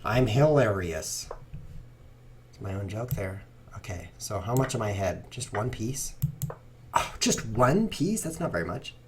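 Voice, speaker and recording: A man's voice: fairly low pitch, big pitch swings, normal speed, very noisy. A man hosting a chess livestream, talking casually and rambling with playful sarcasm at his computer. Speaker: chess streamer host. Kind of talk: casual livestream commentary while playing.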